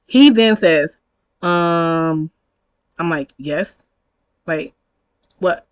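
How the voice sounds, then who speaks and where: A woman's voice: fairly low pitch, very slow, long pauses, no room sound, poor audio. A woman in her thirties talking casually in a storytime vlog, chatty and slangy, acting out both sides of a conversation. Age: 30s. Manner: chatty, slangy, reenacts dialogue, laughs often. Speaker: vlogger.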